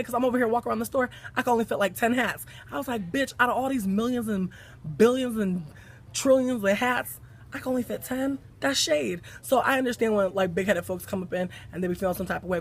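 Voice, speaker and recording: A man who works in a hat shop, ranting in a casual way about customers with sassy, profane, animated storytelling and mock quotes. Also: sits high. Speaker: hat shop retail worker. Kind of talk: casual rant to camera.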